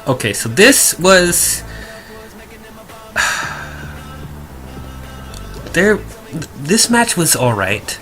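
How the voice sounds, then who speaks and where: A man's voice: high-pitched, very animated, extremely slow, long pauses, sharp tone, soft background music. A young man giving a rambling, exasperated review, full of fillers and restarts. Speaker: wrestling reviewer. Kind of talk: casual review rant.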